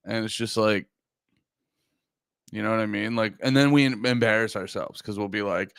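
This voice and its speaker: A man's voice: on the low side, moderate pace, creaky, a bit bright, clean tone, no room sound, clean studio sound. A man in his thirties from the United States, hosting a casual livestream chat in a rambling, profane way with lots of fillers. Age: 30s. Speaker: livestream host.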